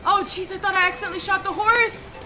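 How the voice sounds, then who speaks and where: A young woman streaming a video game, reacting excitably with squeals and shouts. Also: very high-pitched, quick pace, loud music behind the voice. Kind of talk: live game-stream commentary.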